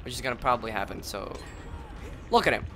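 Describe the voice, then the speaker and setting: A young man commenting on his own game play, yelling and swearing in angry bursts at the game. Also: mid-range voice, steady tone, rapid-fire, slight background noise. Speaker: gaming channel host. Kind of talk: gaming commentary.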